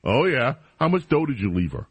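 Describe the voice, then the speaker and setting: A man's voice: medium pitch, sing-song, brisk, husky, dry recording. A man hosting a talk radio show, chatting casually and teasing his guest in an opinionated way.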